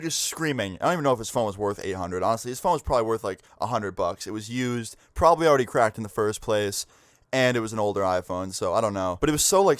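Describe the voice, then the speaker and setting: A man's voice: medium pitch, dry recording, studio quality. A young man vlogger telling a casual story, full of swearing and "like". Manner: casual, swears a lot, lots of "like".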